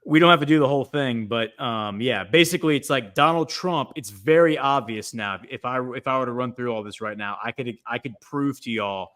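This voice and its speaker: A man's voice: medium pitch, brisk, few pauses, fairly bright tone. A man talking on a political livestream as a guest commentator, rambling with frequent restarts and fillers.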